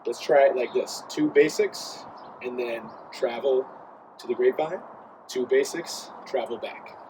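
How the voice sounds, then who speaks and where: A man's voice: mid-range voice, unhurried, noisy background. Man counting dance steps aloud. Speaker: dance instructor. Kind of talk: dance tutorial while demonstrating.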